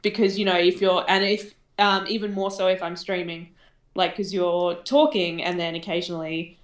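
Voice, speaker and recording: A woman's voice: lowish voice, fairly even intonation, normal speed. A woman co-hosting a podcast, chatting casually and teasing with frequent laughter. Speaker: podcast co-host. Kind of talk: casual chat. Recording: echoey room.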